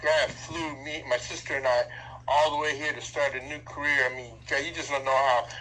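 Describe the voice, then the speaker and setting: A man's voice: a little high, fairly even intonation, fairly quick, sharp tone, low-quality recording. An older man from Seattle, a radio DJ guest telling reflective stories in a casual interview and laughing easily.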